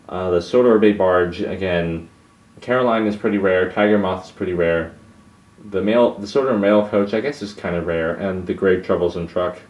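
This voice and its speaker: A man's voice: sits low, normal speed, darkish tone, dull audio. A young man answering viewer questions in a casual, hesitant monologue, with many fillers and restarts.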